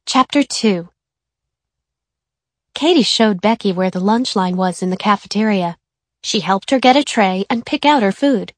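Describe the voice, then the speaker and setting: A woman narrating a children's chapter book in a clear, even storytelling voice. Her pitch sits in the middle, and the recording is close and dry. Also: moderate pace, no echo.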